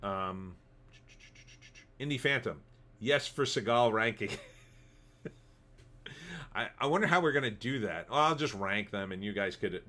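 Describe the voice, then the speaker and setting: A man's voice: on the low side, lively intonation, measured pace, long pauses, sharp tone. A man hosting a livestream, rambling casually as he reads viewer comments. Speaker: livestream host. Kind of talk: casual commentary reading chat.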